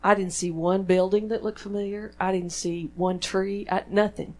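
A woman's voice: medium pitch, steady tone, normal speed. A woman with a Texan accent preaching a sermon in church, in a conversational, folksy way that draws the congregation in with questions. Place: church sanctuary.

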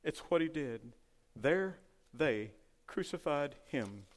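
Preacher, male, higher-leaning voice, fervent with loud-to-hushed swings, long reverb of a church hall. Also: animated, slow. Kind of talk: sermon.

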